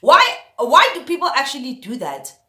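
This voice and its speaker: A woman's voice: sits high, huge pitch swings, normal speed, bright, forceful tone, reverberant. A woman vlogging an opinion rant to camera, exasperated and firing off repeated rhetorical questions. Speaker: vlogger host.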